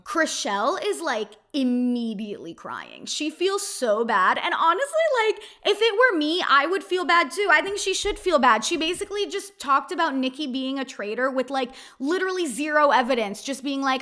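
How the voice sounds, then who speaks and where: A young woman with a bright, sharp voice, sitting somewhat high for a woman. She talks through a reality TV recap in a chatty, opinionated way and leans on "like" constantly. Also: sing-song, normal speed. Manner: chatty, opinionated, heavy use of "like". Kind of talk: casual recap monologue.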